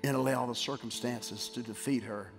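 A middle-aged man preaching a sermon as pastor, shifting from emphatic exhortation to quiet, tender storytelling. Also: medium pitch, fairly even intonation, moderate pace, vocal fry. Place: church sanctuary. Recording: hall reverb with faint music.

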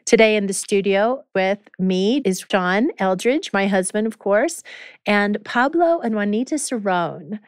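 A woman podcast host in a studio reading scripture in a measured, clear way, then opening the show. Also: medium pitch, lively intonation, no room sound. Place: recording studio. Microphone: studio microphone.

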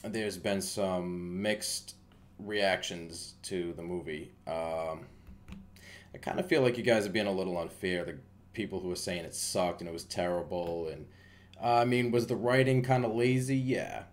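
A man's voice: deep voice, unhurried. A man giving a casual, rambling movie review, with lots of fillers and restarts.

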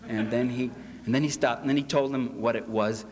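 A man's voice: mid-range voice, steady tone, brisk, a little hiss or hum. A man giving a sarcastic, mocking public lecture to a convention audience in a hall. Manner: sarcastic, mocking delivery with acted quotes. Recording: echoey hall with faint ambience.

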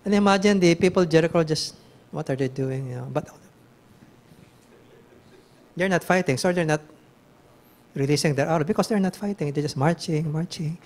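Brief: Filipino male pastor, somewhat high voice, emphatic teaching sermon that keeps quizzing the congregation. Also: fairly quick, pauses often. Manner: emphatic, questioning the audience, reads verses aloud.

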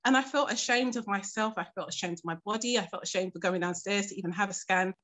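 A woman telling a painful personal story in a documentary interview, earnest and composed, pausing often with fillers. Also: mid-range voice, fairly bright tone. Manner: earnest, halting storytelling with frequent pauses and fillers; keeps her composure while recounting something painful.

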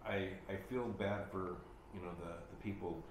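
A man selling his home, chatting casually and relaxed on camera. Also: low voice, a little fast. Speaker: home seller. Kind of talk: casual chat. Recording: echoey room with noise.

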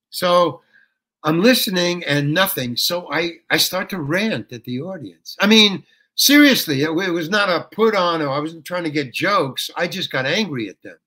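An older man telling a story as an interview guest, animated and colloquial, often saying "man" and "you know". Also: on the high side.

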